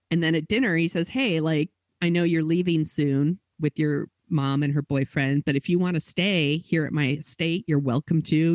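A man is hosting a podcast and telling a story in a loose, chatty way. He fills his talk with fillers and keeps acting out quick quotes from the people in it. His voice sits fairly high for a man and sounds dry and close. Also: no room sound. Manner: casual, filler-heavy retelling with acted quotes. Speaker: podcast host.

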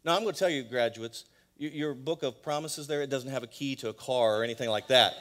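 A man's voice: mid-range voice, quick pace. Man preaching a story-driven sermon. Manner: dramatic storyteller, voice rising and falling widely. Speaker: pastor. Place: church sanctuary.

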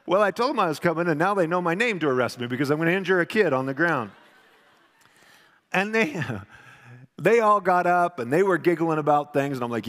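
A middle-aged male pastor giving a sermon with a personal story, animated and loud at times, then hushed and tender. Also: on the high side. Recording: long hall reverb.

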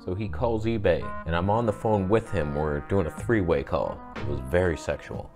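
A man's voice: moderate pace, music in the background. A man telling a story in a casual vlog, acting out what people said with big jumps in his voice. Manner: animated, acts out quoted dialogue with big pitch jumps. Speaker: camera YouTuber.

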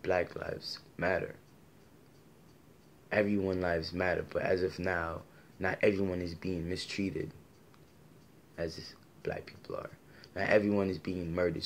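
A man's voice: deep voice, slight background noise. A man delivering a passionate, argumentative opinion monologue full of rhetorical questions. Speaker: commentator giving his opinion.

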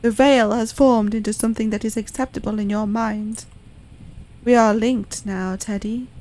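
A woman voicing a commanding otherworldly master in a game, speaking slowly, loudly and solemnly. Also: on the high side, steady tone, close to an everyday voice. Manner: slow, loud, solemn commands.

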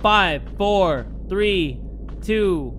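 A man giving excitable, jokey let's play commentary, with sudden yelps and casual swearing. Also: sits high, very slow. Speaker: gaming YouTuber. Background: game music.

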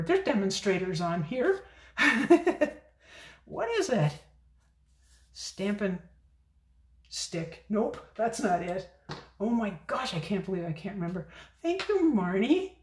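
A chatty woman demonstrating card making in a casual crafting video, talking fast and poking fun at her own forgetfulness. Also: medium pitch, animated. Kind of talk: casual crafting tutorial chat. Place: home craft room. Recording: echoey room.

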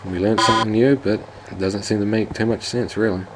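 A man's voice: on the low side, steady tone, brisk, noisy background. A man narrating his own playthrough of a text adventure game with dry, joking asides. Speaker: let's play host. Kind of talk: let's play commentary.

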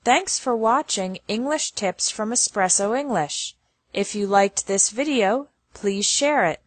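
A woman reading an English lesson, pronouncing verb lists slowly one word at a time. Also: medium pitch, lively intonation, no echo. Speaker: English teacher. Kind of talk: slow scripted lesson narration.

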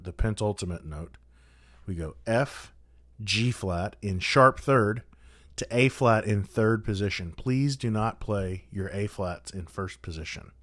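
Male brass teacher, lowish pitch, calm methodical instruction, dry mic. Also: no room sound. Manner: methodical, coaching, direct advice to students. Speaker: trombone teacher. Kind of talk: instructional practice guide.

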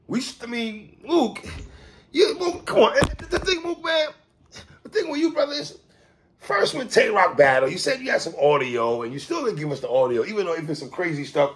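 Man, high voice, swooping pitch, animated commentary host, casual monologue. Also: a little fast, slight background noise. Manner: animated, laughs and exclaims often. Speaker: hip-hop commentary host.

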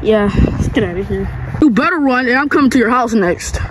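A woman's voice: fairly high pitch, animated, a little fast, noisy background. A woman voicing several characters in a playful, exaggerated toy puppet play. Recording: background music throughout.

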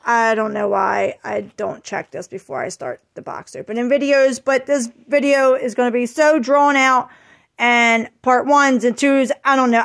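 A woman's voice: a little high, fairly bright tone. A woman filming a casual unboxing vlog on her phone at home, chatty and gushing, with lots of fillers and apologies. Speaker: vlogger.

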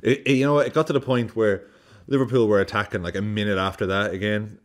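A man with a fairly low pitch talks football at a quick pace in a casual, animated vlog. Profanity flows freely as he acts out how he reacts.

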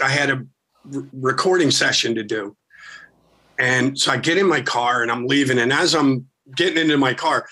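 A man from Philadelphia, a rock singer, telling stories in casual, profane, animated talk as a podcast guest. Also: mid-range voice. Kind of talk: casual storytelling.

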